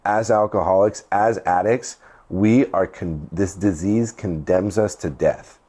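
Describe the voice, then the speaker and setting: A man's voice: low voice, unhurried, warm tone. A man who hosts a recovery podcast, speaking steadily and earnestly about the program and explaining its slogans. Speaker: podcast host, recovery center partner.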